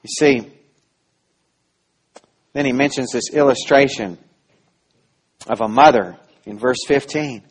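A man preaching a sermon as pastor, earnest and full of restarts, rising to loud emphasis and dropping to soft, quiet lines. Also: mid-range voice, takes it slowly, pauses often, breathy edge.

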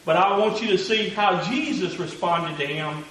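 A pastor preaching a sermon in a church, earnest and quoting scripture with frequent restarts. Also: male voice, high-pitched, moderate pace, a bit bright, a little hiss or hum. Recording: echoey church hall.

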